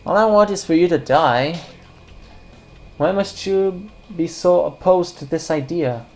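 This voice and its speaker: A let's play commentator chats casually while playing a puzzle game, rambling and joking with both her viewers and the game characters. Her voice is on the low side, a little slow and a little mellow.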